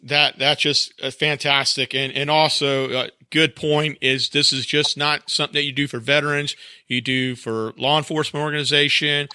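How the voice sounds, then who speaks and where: A male podcast host with a very bright, sharp voice and a slightly higher pitch asks long, rambling questions. The sound is dry and close, with no room echo. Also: flat delivery, moderate pace, clean tone. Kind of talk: conversational interview.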